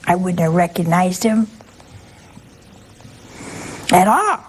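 Folksy older nun preaching. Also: female voice, fairly low pitch, expressive, slow, slight background noise, rough recording. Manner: chatty, folksy, full of rhetorical questions and "huh?". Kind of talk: sermon.

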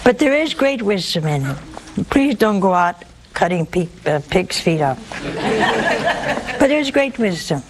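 A woman's voice: fairly low pitch, very animated, a little slow, long pauses, a little hiss or hum, poor audio. A woman with a sore throat telling an audience the story of a saint, breaking in with homely, humorous asides. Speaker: religious storyteller.

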